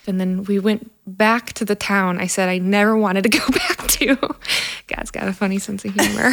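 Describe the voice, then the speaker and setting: Woman with a gravelly voice. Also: mid-range voice, fairly quick. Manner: earnest, storytelling with lively quoted dialogue. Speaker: guest, trauma nurse. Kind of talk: personal story in a conversation.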